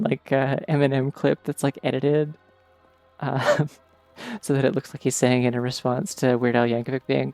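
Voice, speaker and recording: Gravelly rambling male streamer. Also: mid-range voice, fairly even intonation, unhurried, pauses often, darkish tone. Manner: rambling, digressive, many "like" fillers. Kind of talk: casual chat while gaming. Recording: faint background game music.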